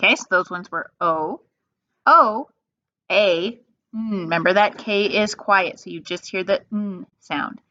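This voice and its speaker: A woman teacher leading a phonics lesson for young children, drawing each sound out slowly and patiently. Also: fairly low pitch, fairly even intonation, fairly bright tone, dry recording. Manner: slow, patient, drawn-out sounds. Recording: dull lo-fi sound.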